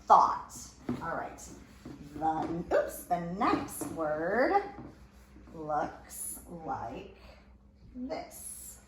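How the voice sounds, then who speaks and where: A woman's voice: sits low, wildly swooping pitch, very slow, long pauses. A woman teacher giving a recorded phonics lesson, sounding out letters and word parts one at a time. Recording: echoey room with faint ambient noise.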